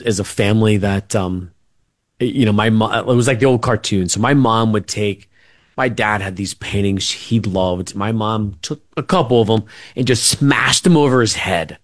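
A man's voice: fairly low pitch, no room sound, studio quality. Rambling man telling family stories. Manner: rambling, many fillers and restarts. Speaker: interview guest. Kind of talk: casual storytelling.

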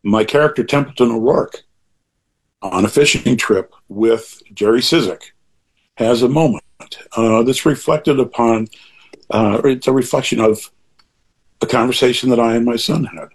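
Interviewed as a guest author, an older man reflects earnestly but rambles, often starting over and wandering into asides. His husky mid-range voice moves at a moderate pace, with long pauses.

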